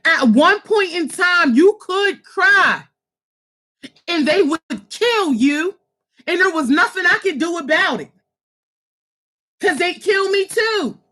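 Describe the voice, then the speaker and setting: A woman in her thirties talks candidly and passionately, her words blunt and often profane. Her voice sits high and rings bright and forceful, and she drives each point home with fervent emphasis. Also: expressive, measured pace. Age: 30s. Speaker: social worker and host. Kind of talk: impassioned personal talk.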